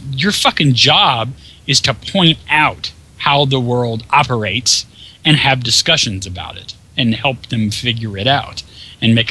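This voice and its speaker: A man ranting over his gameplay in a profane, exasperated manner. His voice is very bright and sharp, at a middling pitch. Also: breathy edge, poor audio. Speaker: gameplay commentator. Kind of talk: casual ranting commentary.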